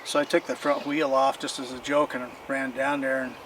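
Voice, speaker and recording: A man's voice: medium pitch, little pitch movement, normal speed. Regular guy chatting about his old stuff outside, rambly folksy storytelling, mic kinda far off. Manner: rambling, folksy, strings stories with "so anyway". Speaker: collector showing his bicycles. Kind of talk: casual show-and-tell storytelling. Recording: distant mic with clear outdoor noise.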